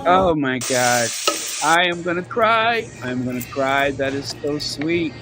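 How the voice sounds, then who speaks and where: A woman's voice: low voice, expressive, takes it slowly, loud music behind the voice. A woman hosting a fan channel livestream, chatting casually, thinking aloud and reading out viewer comments. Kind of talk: casual chat reacting to clips and viewer comments.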